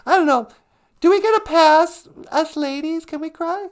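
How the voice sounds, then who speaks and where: This woman speaks in a very high voice at a normal speed. Laughing frequently, she co-hosts a relaxed live stream, chatting away and reading comments from viewers aloud.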